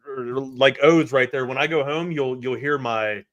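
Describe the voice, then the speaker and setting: A man's voice: mid-range voice, normal speed, a bit bright, no echo. A man with a Baltimore accent co-hosts a loose sports talk stream. He rambles and jokes, stumbles and repeats his words, and his voice sounds close and dry with little room around it.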